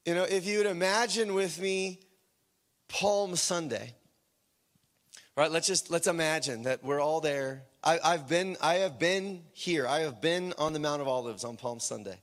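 Male pastor, high voice, long hall reverb; dynamic sermon delivery, shouts down to whispers. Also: a little slow. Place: church.

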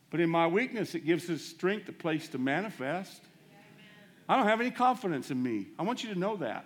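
Animated preacher man, fairly high voice. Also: a little fast. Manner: animated, swings between loud bursts and hushed asides; self-deprecating, acts out dialogue in his story. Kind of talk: storytelling sermon.

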